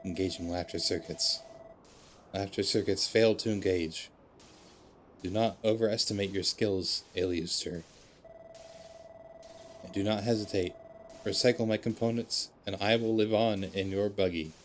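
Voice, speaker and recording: A man voicing a gentle, self-sacrificing male robot as he reads game dialogue aloud, slow and deliberate, with stuttered repeats. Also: sits low, steady tone, a little hiss or hum. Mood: resigned.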